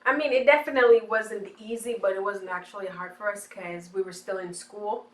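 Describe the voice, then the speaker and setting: A woman's voice: mid-range voice, fairly even intonation, a little fast. A young woman telling her story in a documentary interview, chatty and acting out what others said. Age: young adult. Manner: chatty, acts out quoted people. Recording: echoey room, faint hiss.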